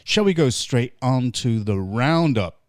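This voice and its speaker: Theatrical man hosting with swooping pitch. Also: lively intonation, unhurried, dry recording, studio quality. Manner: theatrical, jokey, mock-grand. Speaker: podcast host. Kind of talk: comic online pub chat.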